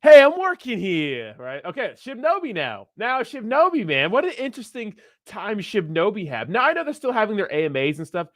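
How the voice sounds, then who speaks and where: A man's voice: sits high, sing-song, brisk, few pauses, fairly bright tone, no echo, clean studio sound. A young man hosting a crypto livestream in casual, rambling, profane chat, reading viewer messages aloud.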